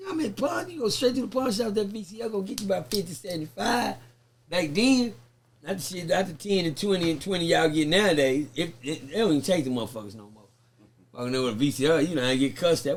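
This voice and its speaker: Man in his fifties, podcast guest; fry-edged, high-sitting voice, swears freely, acts out the voices in his story. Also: fast. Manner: profane, lively, acts out the voices he quotes. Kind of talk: casual storytelling.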